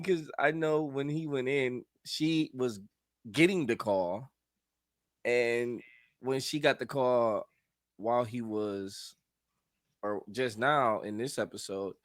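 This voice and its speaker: A man co-hosting a casual show, talking in a relaxed way. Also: medium pitch, no echo, studio quality. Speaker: co-host. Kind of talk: casual discussion.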